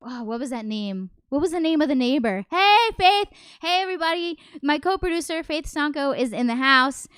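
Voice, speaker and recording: A woman's voice: sits high, lively intonation, moderate pace, few pauses, a bit bright, no room sound, clean studio sound. A woman hosting a livestreamed variety show, chatting in a rambling, self-deprecating way and greeting viewers by name. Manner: self-deprecating, nervous, laughs often. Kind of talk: casual livestream chat.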